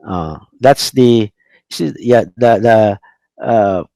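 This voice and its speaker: A man's voice: fairly low pitch, takes it slowly, vocal fry, dark tone, no echo. A man with a Filipino accent, a priest giving a classroom lecture, drilling pronunciation and tagging sentences with "no?", often hesitating with fillers. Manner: hesitant, many "uh" fillers and restarts. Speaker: priest lecturing on biblical Hebrew.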